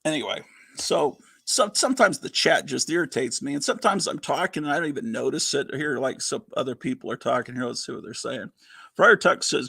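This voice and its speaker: A man's voice: mid-range voice, fairly quick, vocal fry, pushed and bright, slightly rough, no echo. A man in his fifties hosting a livestream, telling rambling anecdotes in casual chat and laughing often. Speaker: livestream host.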